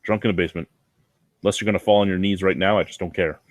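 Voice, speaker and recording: A man's voice: sits low, fairly even intonation, very fast, no room sound. A man guesting on a casual chat, telling stories in a dry, self-deprecating, sweary way from a basement. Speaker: guest reviewer.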